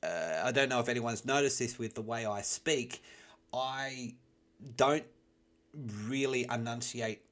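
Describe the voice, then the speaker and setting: A man's voice: mid-range voice, unhurried. A man with a general Australian accent hosting a casual chat, rambling with many fillers and barely opening his mouth. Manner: rambling, relaxed, lots of fillers; talks without opening his mouth much. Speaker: host.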